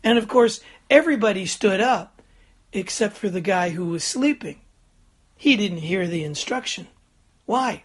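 A man's voice: sits high, animated, moderate pace, a bit bright, husky. Older man, pastor, folksy chatty sermon, chuckles, checks in with the congregation, standing at the front. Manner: chatty, chuckles, frequent "Amen?" and "Okay?" check-ins.

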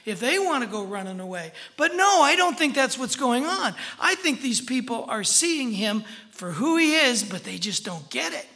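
A preacher with a bright, forceful voice teaches through scripture, talking to the listeners in an emphatic, conversational way. The sound carries a long reverb, as in a large hall. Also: medium pitch. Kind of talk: sermon, verse-by-verse Bible teaching.

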